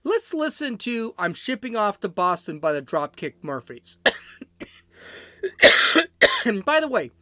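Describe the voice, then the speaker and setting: A man's voice: high-pitched, very animated, a little slow, long pauses, pushed and bright, no echo. Blunt rambling man hosting a podcast. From Chicago, USA. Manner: rambling, blunt and opinionated, self-interrupting. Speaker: podcast host. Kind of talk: solo podcast monologue.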